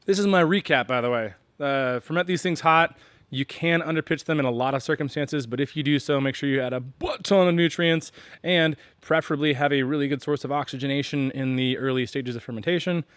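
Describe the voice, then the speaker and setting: A man's voice: medium pitch, fairly quick, fairly bright tone, clear, resonant tone, no echo. A man from the United States hosting a homebrewing channel, explaining casually and rambling with many fillers and self-deprecating asides.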